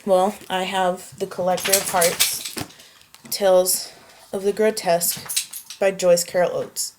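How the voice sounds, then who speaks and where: A woman making a casual voice post, answering questions wryly and reading a book passage slowly and evenly. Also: fairly low pitch, flat delivery, background noise. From United States. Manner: offhand and wry, reads prose slowly and evenly. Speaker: vlogger answering a question meme.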